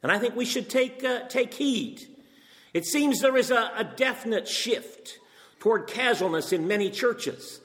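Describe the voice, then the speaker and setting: A man's voice: very high voice, lively intonation, measured pace, fairly bright tone. An older man preaching a sermon, earnest and emphatic, firing off rhetorical questions. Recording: long reverb from a hall.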